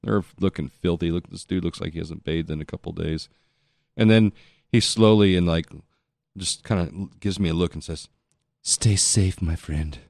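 Brief: man, lowish voice, dry close sound, profane rambling storyteller. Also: steady tone, normal speed, gravelly, a little mellow, no echo. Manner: profane, rambling, self-mocking. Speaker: podcast guest telling a travel story. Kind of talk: casual storytelling chat.

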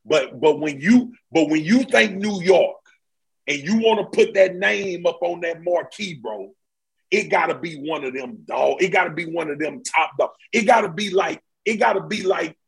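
A man's voice: on the high side, animated, normal speed, vocal fry, slightly rough, rough recording. A man talking basketball in a casual, slangy, emphatic way on a podcast. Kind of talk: casual sports chat.

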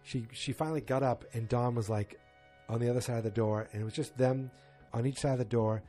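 A man's voice: mid-range voice, brisk, soft background music. A man casually recapping a TV episode in a rambling way, acting out the characters' lines as he goes. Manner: rambling, animated, quotes characters.

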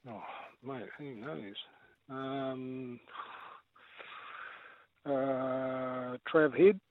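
A man's voice: mid-range voice, extremely slow, no echo. An Australian man calling in to a radio quiz, cheery and easygoing. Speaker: caller. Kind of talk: phone-in chat. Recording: tinny phone line.

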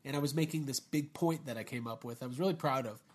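A man hosts a casual podcast conversation with friends. He jokes around, laughs at his own lines and keeps an animated delivery. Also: mid-range voice, fast, husky. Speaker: podcast host. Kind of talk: casual chat.

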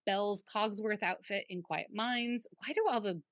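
A woman's voice: mid-range voice, moderate pace, no echo, clean studio sound. A woman co-hosting a casual podcast, chatty and gushing, with the occasional swear. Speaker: podcast co-host. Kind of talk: casual chat.

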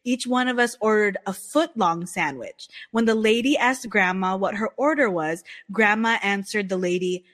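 A woman's voice: mid-range voice, moderate pace, few pauses, a bit bright. A woman co-hosting a podcast, chatting and giggling while she tells a family story. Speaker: podcast co-host. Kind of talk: casual chat.

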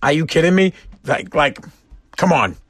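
A man's voice: fairly high pitch, very animated, normal speed, fairly bright tone, slightly rough, dry recording, studio quality. A man from Massachusetts hosting a live-streamed show, ranting in a blunt, joking way and swearing freely. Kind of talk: casual rant.

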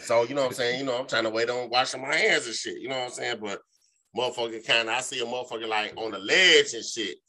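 A man with a very bright, forward voice spins a long, rambling story on a podcast. He talks loosely and profanely, packs his sentences with filler phrases, and acts out the other people in the tale as he goes. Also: medium pitch, fast. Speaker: podcast co-host. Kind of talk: casual storytelling.

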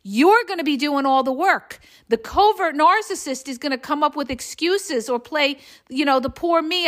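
A woman's voice: high-pitched, normal speed, few pauses, fairly bright tone. A middle-aged woman hosting a podcast, talking bluntly and with emphasis as she keeps checking in with "okay?". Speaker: podcast host and relationship coach. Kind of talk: casual monologue.

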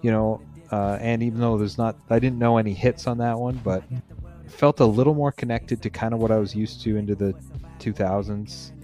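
Animated low-voiced man hosting a podcast. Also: brisk, faint music behind. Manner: animated, self-interrupting, bursts of exclamation. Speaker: podcast host. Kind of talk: casual album discussion.

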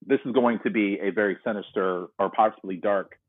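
A man's voice: lowish voice, fairly even intonation, a little fast, dry recording. A man from North Carolina, a podcast guest, telling his personal story in an earnest, reflective way. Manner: earnest, reflective, retells scenes. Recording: dry, narrow phone-like line.

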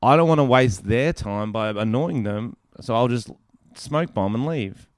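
A man's voice: mid-range voice, expressive, unhurried, no room sound, studio quality. A young Australian man co-hosting a casual podcast, joking around and swearing a lot. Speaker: podcast co-host. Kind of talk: casual banter.

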